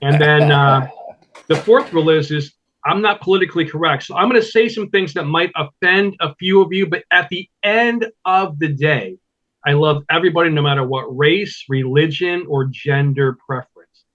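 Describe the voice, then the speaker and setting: A man who does stand-up telling stories in a loose, animated way as a guest on a talk show. His voice sits a little high for a man. The recording is somewhat dull and muffled. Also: normal speed. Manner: animated storyteller, slips into impressions. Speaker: stand-up comedian, podcast guest. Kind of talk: casual interview chat.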